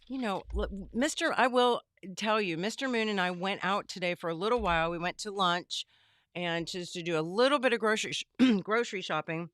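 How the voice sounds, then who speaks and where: A bubbly middle-aged woman greets her livestream viewers one by one from her home craft studio, her voice slightly hoarse. Her tone stays smooth and resonant despite the strain. The sound is dry and close, with no room echo. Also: mid-range voice, fairly quick, fairly bright tone. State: losing her voice. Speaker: livestream host. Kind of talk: casual livestream chat.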